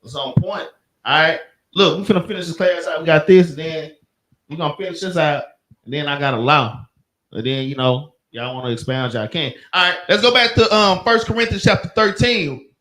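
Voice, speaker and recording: A man with a Southern US accent leads a religious class in an easy, slangy way, drifting into work stories. His voice sits high for a man. He laughs along as he talks. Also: lively intonation, a little fast, a bit bright. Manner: loose storytelling with slang and laughs. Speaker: class leader. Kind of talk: casual teaching chat.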